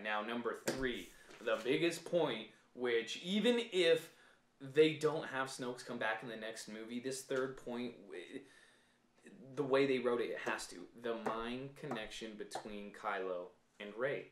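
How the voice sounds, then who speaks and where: A man co-hosting a casual fan podcast, laying out his points step by step in an animated, argumentative way. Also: mid-range voice, a little slow, echoey room, a little hiss or hum. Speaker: podcast co-host.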